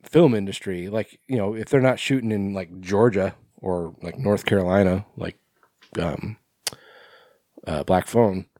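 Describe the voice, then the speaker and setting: A man's voice: low-pitched, unhurried, dark tone, dry recording, clean studio sound. A man co-hosting a podcast in casual chat, rambling with lots of fillers and swearing freely. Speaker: podcast co-host.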